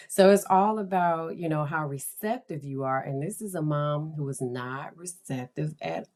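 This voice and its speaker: A woman's voice: deep voice, normal speed, hardly any pauses, a little mellow. A woman counselor talking casually in a podcast monologue, telling anecdotes and often laughing. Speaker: counselor and blog host.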